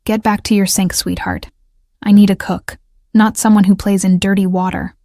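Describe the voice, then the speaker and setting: Woman playing a sneering head chef man, contemptuous, low and hushed, dry close sound. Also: little pitch movement, normal speed, dry recording, close to an everyday voice.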